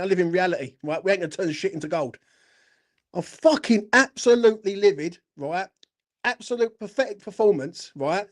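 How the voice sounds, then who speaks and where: Furious sweary football fan. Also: male voice, high voice, darkish tone. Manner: furious, sweary, repeats "do you know what I mean". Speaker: fan channel host. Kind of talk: angry post-match rant.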